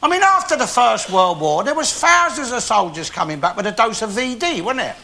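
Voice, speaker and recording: Alf Garnett, a blustering old grump. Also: male voice, extremely high pitch, very animated, vocal fry, heavily acted. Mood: grumbling. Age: older. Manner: blustering, grumbling, quick to swear. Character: cantankerous old working-class London bigot. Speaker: comedy character in a live audience show. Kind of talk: stand-up monologue to a studio audience. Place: TV studio before a live audience. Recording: TV studio with loud audience laughter.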